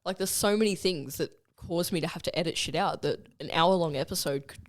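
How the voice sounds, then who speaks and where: Young podcast host: casual, blunt, swears freely, medium pitch. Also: a little fast.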